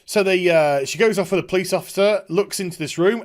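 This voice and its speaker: A man's voice: high voice, a little fast. A middle-aged man giving casual, sarcastic commentary on a trailer, with chuckling asides. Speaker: YouTube commentator.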